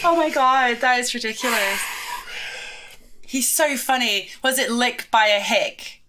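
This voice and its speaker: A woman's voice: fairly high pitch, unhurried, background noise. A woman co-hosting a reaction video, chatting casually and giggling often. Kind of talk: casual chat.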